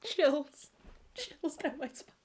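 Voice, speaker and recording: A young Welsh woman chatting to camera, animated, swearing and laughing often. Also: medium pitch, measured pace. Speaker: vlogger. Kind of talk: casual chat to camera.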